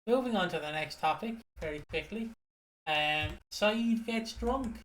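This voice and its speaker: A man's voice: high voice, expressive, measured pace, fairly bright tone. A man co-hosting a casual podcast, rambling, swearing and laughing often. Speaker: co-host.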